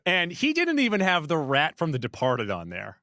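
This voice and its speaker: A man's voice: a little high, huge pitch swings, normal speed, bright, forceful tone, no room sound, clean studio sound. A man co-hosting a movie podcast, chatting casually and playfully. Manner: playful, jokey, rattles off lists. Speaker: podcast co-host. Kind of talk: casual chat.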